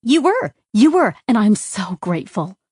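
A woman's voice: medium pitch, sing-song, normal speed, darkish tone, breathy edge, no room sound, studio quality. A woman voicing a gleeful, playful young female AI in an artificial body. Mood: grateful.

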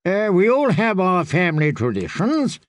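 Arrogant mocking knight, raised voice, slow drawl, lively pitch, dry sound, as a male narrator puts him on. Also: no echo. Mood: sardonic.

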